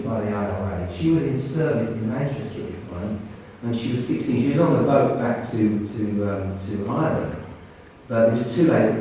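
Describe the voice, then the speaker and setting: A man of middling pitch tells his stories as lively anecdotes, slipping into the voices of the people he quotes. He is a doctor and medium speaking in an interview. The recording is distant and very echoey, with a faint hiss underneath. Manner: animated anecdotal storytelling, acting out quoted voices. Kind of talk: storytelling in an interview. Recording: echoey room, speaker far from mic, faint noise.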